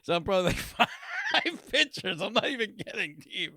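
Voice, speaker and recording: A man's voice: high-pitched, big pitch swings, a little fast, bright, forceful tone, dry recording, studio quality. A man hosting a podcast, chatting casually, joking crudely and laughing often. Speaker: podcast host. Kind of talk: casual comedic chat.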